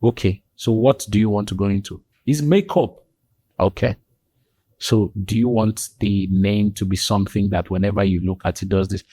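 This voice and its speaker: A podcast guest, a man with a warm, breathy voice, speaks at normal speed with fairly even intonation and no echo. He tells stories in animated conversation, acting out the people in them and leaping suddenly high in pitch for quoted dialogue.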